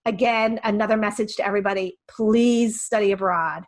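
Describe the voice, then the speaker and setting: A woman in her fifties from the Philadelphia area, a guest chatting casually and telling animated stories. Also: medium pitch, fairly quick. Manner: chatty, storytelling with animated quoted voices. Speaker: guest, actress and photographer. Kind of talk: casual chat.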